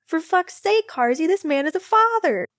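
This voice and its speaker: A woman voicing an excitable young man, showing off a plant on a livestream with big playful gestures. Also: fairly high pitch, moderate pace, no echo, studio quality. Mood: gushing. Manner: animated, playful, over-the-top enthusiasm. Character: young man, hockey player, proud plant lover.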